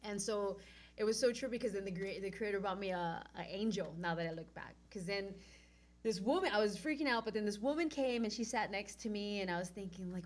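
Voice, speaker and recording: A woman with a Hawaiian accent tells her story with lots of life. She acts out her own past lines, jumping from loud to almost hushed, at a middle pitch. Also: fairly quick. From Oahu, Hawaii. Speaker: guest. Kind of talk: animated personal storytelling.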